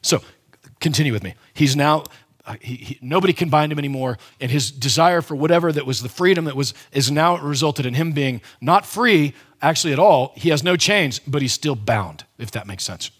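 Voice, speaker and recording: Husky-voiced man preaching conversationally. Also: fairly high pitch, animated, a little fast, a bit bright. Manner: conversational, emphatic preaching with frequent restarts. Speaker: pastor. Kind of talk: sermon.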